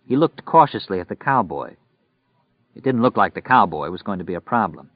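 A man with a low voice narrating a story in a steady, measured way. The recording is close and dry, and its sound is dull and lo-fi. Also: no echo. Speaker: audiobook narrator. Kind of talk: scripted narration.

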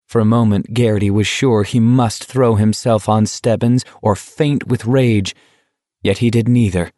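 A man reading a novel aloud in measured, even audiobook narration. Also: on the low side, no room sound, studio quality. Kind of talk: scripted narration.

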